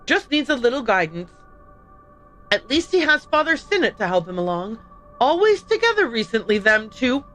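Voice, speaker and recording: A woman's voice: on the high side, very animated, moderate pace, fairly bright tone, faint music behind. Woman putting on a deferential housekeeper with a shaky accent. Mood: reassuring. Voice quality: put-on accent she calls not very good. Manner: polite, deferential, says sir often. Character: devout kindly female cook and housekeeper.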